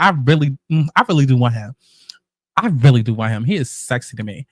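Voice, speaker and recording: A man hosting casual reality-show commentary, telling the story in a sassy, profane, animated way. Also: on the high side, fast, no echo, clean studio sound. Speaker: commentary host.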